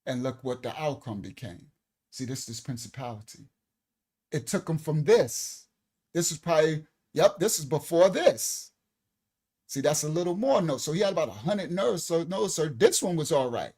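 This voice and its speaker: Man, middle-aged, minister, high voice, animated, conversational storytelling sermon. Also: normal speed, husky. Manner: animated, conversational, repeats words.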